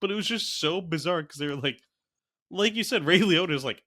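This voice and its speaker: A man's voice: fairly high pitch, brisk, sharp tone. A young adult man co-hosting a podcast, casually and incredulously retelling scenes from a bad movie. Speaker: podcast co-host. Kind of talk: casual movie review chat.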